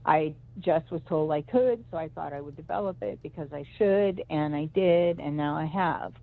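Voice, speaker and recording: Gravelly woman on a tinny phone line. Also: sits low, moderate pace. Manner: rambling, emphatic storytelling with restarts. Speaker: psychic reader. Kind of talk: personal storytelling on a call-in show.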